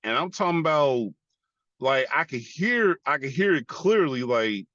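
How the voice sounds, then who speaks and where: An American man of middle pitch tells his own hard story to an interviewer, earnest and given to repeating himself for emphasis. His voice sounds close and dry, with a slightly dull, muffled tone. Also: lively intonation, a little slow, fairly bright tone, no room sound. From United States. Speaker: interview guest, army veteran. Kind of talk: personal testimony in conversation.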